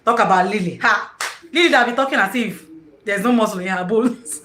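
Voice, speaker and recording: A woman with a Nigerian English accent hosting her own live stream in casual chat, excitable and effusive, laughing often. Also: a little high, normal speed, echoey room, slight background noise.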